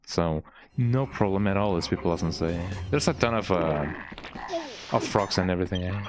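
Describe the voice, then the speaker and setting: A man's voice: low-pitched, lively intonation, moderate pace. A man streaming a video game, rambling casually and tagging his lines with "eh?". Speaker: gaming streamer. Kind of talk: casual let's play commentary. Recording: game music playing behind.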